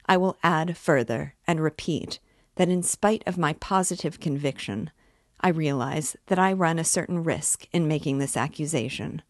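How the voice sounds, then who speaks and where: A woman voicing a pompous, self-righteous middle-aged man in a book reading, measured and reproachful. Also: deep voice, no echo, clean studio sound.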